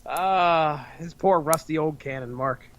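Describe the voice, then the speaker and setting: A man's voice: fairly high pitch, measured pace, fairly bright tone, slight background noise. A man co-hosting a podcast, chatting casually about an album and making jokes and puns. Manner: joking, punning, giggly. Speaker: podcast co-host. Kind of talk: casual album review chat.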